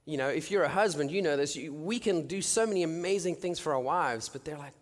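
A man in his thirties giving a conversational sermon testimony with jokey asides and frequent restarts, dropping to a soft hush at intimate moments. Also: fairly high pitch, brisk, hardly any pauses. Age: 30s. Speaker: church speaker sharing his testimony. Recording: long reverb from a large hall.

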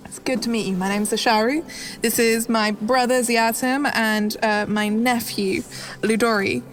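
A woman voicing a wary, brisk boatwoman with a scarred face, reassuring and slightly flustered. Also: fairly high pitch, fairly even intonation, slight background noise, close to an everyday voice.

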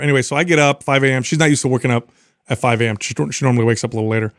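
A man co-hosting a podcast, telling a long story in casual chat, rambling and animated, swearing freely. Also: medium pitch, very fast, no echo, clean studio sound. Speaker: podcast co-host.

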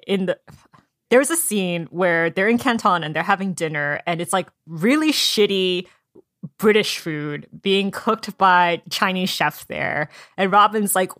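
A woman's voice: medium pitch, a little slow, dry recording, studio quality. A woman in casual chat about a book, retelling scenes with lots of fillers and acting out the characters' lines. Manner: animated storytelling, acts out characters' lines. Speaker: book discussion co-host.

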